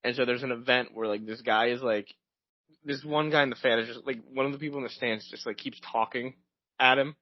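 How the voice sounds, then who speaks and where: A man's voice: mid-range voice, steady tone, a little fast, no room sound. A young man co-hosting a podcast, chatting casually in a rambling way full of tangents and fillers. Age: young adult. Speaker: podcast co-host. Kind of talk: casual chat. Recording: dull dry lo-fi audio.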